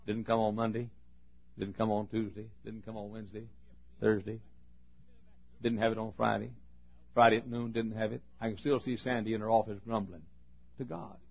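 A low, gravelly male preacher tells a story from the pulpit, his voice husky and worn. He swings from loud emphasis to hushed asides. The recording sounds dull and lo-fi. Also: little pitch movement, moderate pace, pauses often. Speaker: pastor. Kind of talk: storytelling sermon.

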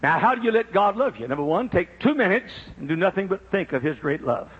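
An older man preaching a sermon, dropping to a low confiding tone and rising to high shouted praise. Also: big pitch swings, brisk, breathy edge, highs cut off.

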